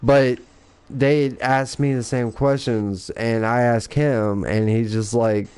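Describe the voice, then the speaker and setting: Profane, animated man telling a story. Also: medium pitch, slow pace, clean tone, no room sound. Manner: profane, animated storytelling with mocking quoted voices. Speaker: podcast host and clan recruiter. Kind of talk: casual podcast storytelling.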